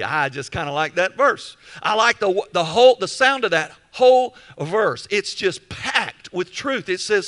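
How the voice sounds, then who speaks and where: A man preaching with a high, bright voice that swings widely in pitch. He leans on repeated phrases and stretches key words slowly for emphasis, in the manner of an emphatic pastor's sermon. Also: lively intonation.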